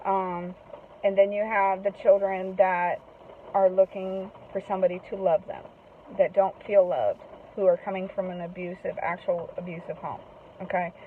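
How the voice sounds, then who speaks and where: A woman's voice: medium pitch, flat delivery, moderate pace. An earnest woman talks straight to her listeners, keeps checking in with them and repeats her points. Her voice sits mid-range and sounds thin and phone-like, with a faint hiss behind it. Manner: earnest, repeats "okay?" and "guys". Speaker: host giving advice to foster parents. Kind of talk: casual direct-to-camera talk. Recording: tinny phone-like audio with faint noise.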